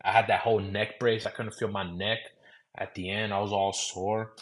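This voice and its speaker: A man's voice: on the low side, level tone, moderate pace. Young Texan man telling a story. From San Antonio, Texas. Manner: loose, conversational, repeating "I remember". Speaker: podcast host. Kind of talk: personal storytelling.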